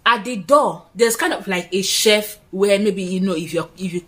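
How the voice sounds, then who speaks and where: A woman's voice: mid-range voice, moderate pace, a bit bright, husky. A woman tells a story to her viewers from her room, addressing them often and doing her makeup as she talks. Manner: chatty, dramatic storytelling with frequent asides to viewers. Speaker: vlogger. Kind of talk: casual storytime. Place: her own room, indoors.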